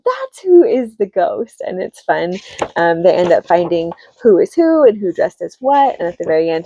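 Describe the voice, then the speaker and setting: An upbeat, chatty woman in her thirties, a homeschooling mom, reviews picture books for other parents, retelling the stories casually with light laughs. Her lowish voice is mellow and warm. It's recorded close and dry, with no room sound and a slightly dull, lo-fi quality.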